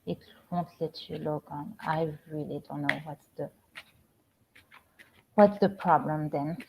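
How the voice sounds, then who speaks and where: A middle-aged woman with a French accent, a spiritual coach hosting a casual live stream from home, talking gently with many halting restarts. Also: low voice, steady tone, gravelly, noisy background. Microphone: computer or phone camera on a live stream. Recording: slightly dull lo-fi stream audio.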